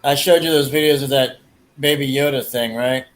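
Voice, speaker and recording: On his livestream, a man with a mid-range voice and fairly even intonation talks at a moderate pace. His casual chat wanders, laced with crude jokes and lots of fillers, and the audio is poor.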